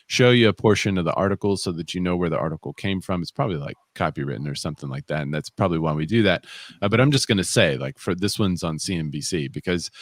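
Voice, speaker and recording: Male co-host, low voice with animated swings, casual banter, dry close mic. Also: no echo. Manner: lively, reads viewer comments aloud. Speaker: podcast co-host. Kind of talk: casual live show chat.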